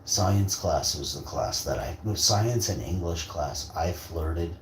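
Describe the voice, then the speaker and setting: Very low-voiced man ranting profanely. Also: lively intonation, slow. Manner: profane, rambling, boastful. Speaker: vlogger. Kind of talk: casual storytelling rant. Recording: echoey room, faint background noise.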